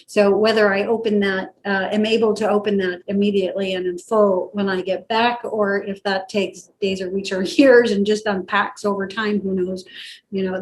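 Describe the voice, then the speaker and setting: A woman's voice: mid-range voice, poor audio. Reflective woman with faint background hiss. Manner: reflective, thinking aloud with many "like" fillers. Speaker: channeling practice partner. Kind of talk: casual conversation.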